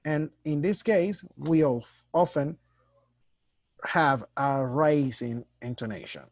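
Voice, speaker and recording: Guy teaching english, slow and careful, kinda high voice, dull dry recording. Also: dry recording. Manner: slow, mixes Spanish and English explanations. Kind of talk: recorded online lesson.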